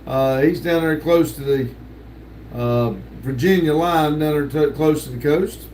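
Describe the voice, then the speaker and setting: A man's voice: fairly high pitch, measured pace, darkish tone, a little hiss or hum. An older man, hosting a casual livestream and reading chat messages aloud in a laid-back drawl with lots of laughs. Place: home room with sticker wall.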